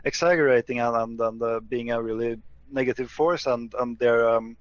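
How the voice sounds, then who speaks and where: A man's voice: mid-range voice, fairly even intonation, moderate pace, dry recording, dull audio. A man in a casual argument who answers hesitantly and defensively, with many fillers and restarts.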